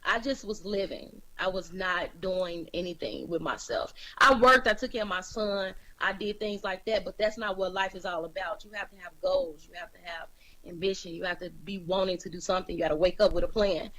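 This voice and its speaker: A woman's voice: fairly low pitch, a little fast, bright, forceful tone, dull audio. A woman from Chicago speaking as a guest in an interview, telling her own story in a candid, frank way and laughing easily.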